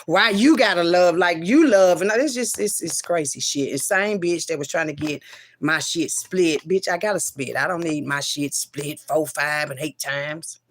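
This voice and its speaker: Woman venting a personal story, cusses a lot, keeps saying no no no, gets loud then drops real low. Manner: profane, emphatic, many repeated refusals; swings between loud outbursts and low murmurs. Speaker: mother telling a personal story.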